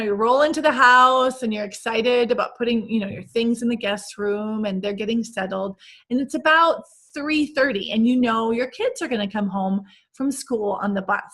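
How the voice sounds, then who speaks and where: A woman in her thirties or forties hosting a podcast, telling a story to her listeners in a lively, casual way and laughing often. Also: on the high side. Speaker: podcast host and coach for expats.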